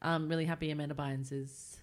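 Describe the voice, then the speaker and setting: A woman chatting casually about a film, excitable with laughing asides. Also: deep voice, brisk, over a noisy crowd. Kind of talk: casual film review chat.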